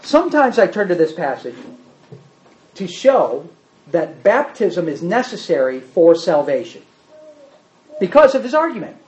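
Preacher, male, emphatic, animated delivery, muffled lo-fi recording. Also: high voice, unhurried, long pauses, echoey room. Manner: emphatic, asks the congregation rhetorical questions. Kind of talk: sermon. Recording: dull lo-fi sermon recording.

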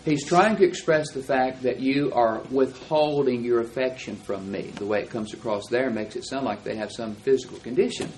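A man teaching a Bible class, explaining verses and reading them out slowly and deliberately. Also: medium pitch, darkish tone, slight background noise, rough recording.

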